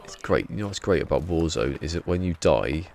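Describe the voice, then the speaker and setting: A man's voice: very deep voice, lively intonation, fairly quick, creaky, a little mellow, a little hiss or hum. A man streaming a game from home, chatting casually and rambling in a self-deprecating way. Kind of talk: casual live-stream chat.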